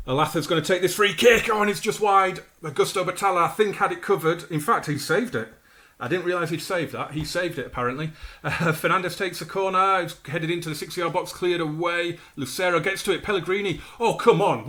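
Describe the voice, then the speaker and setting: Excitable man commentating a game playthrough. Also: fairly high pitch. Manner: chatty, with sudden excited outbursts over match moments. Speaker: gaming YouTuber. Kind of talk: commentating his own video game playthrough.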